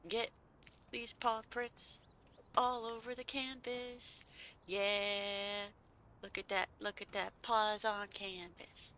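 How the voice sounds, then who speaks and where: Bright, playful woman gaming. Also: medium pitch, level tone, takes it slowly, a little hiss or hum. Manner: playful, chatty, talks to herself. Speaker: gaming channel host. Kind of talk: game playthrough commentary. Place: seated at home.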